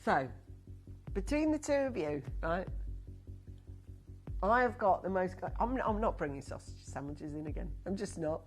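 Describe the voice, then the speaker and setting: A woman's voice: lowish voice, animated, moderate pace, pauses often, faint music behind. A woman presenting a live TV shopping show, chatty, upbeat and coaxing as she sells to callers. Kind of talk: live TV sales pitch. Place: TV studio.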